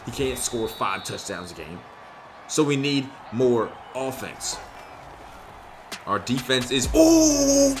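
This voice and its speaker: Excitable young man narrating his gameplay. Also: medium pitch, slow, pauses often, soft background music. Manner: excitable, frustrated, slangy. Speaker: gaming YouTuber. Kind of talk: casual gameplay commentary.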